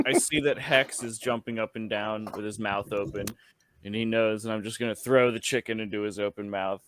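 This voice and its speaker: A man playing a tabletop game, calmly describing his character's actions. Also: on the low side, brisk, clean tone, no room sound. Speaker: player.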